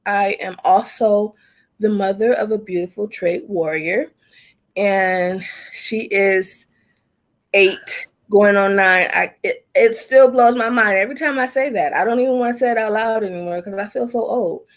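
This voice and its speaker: A woman in her thirties, a host and advocate, leads a casual group video call and introduces herself in a playful, teasing way. Her voice is medium-pitched, steady, and unhurried.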